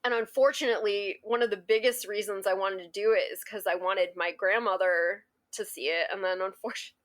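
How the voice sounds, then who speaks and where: A woman's voice: medium pitch, fairly even intonation, a little fast. Chatty woman telling a story. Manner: rambling, emotional, frequent self-restarts and laughs. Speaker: guest cake artist. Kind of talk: casual interview storytelling.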